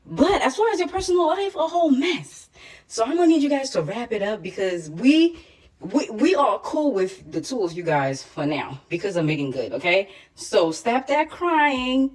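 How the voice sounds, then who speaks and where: A woman talks in a sassy, teasing manner, her pitch swooping up and down as she laughs along. She sounds a little way off from the mic. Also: very animated, moderate pace, a little mellow, far from the mic. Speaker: commentator. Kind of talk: casual opinion talk.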